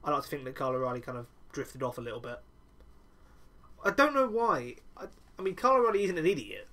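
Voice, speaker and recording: A man's voice: fairly high pitch, animated, fast talker, pushed and bright. A man hosting a podcast, talking alone in a casual, rambling way and often correcting himself. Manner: rambling, self-correcting storyteller. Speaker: podcast host. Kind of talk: casual solo podcast monologue.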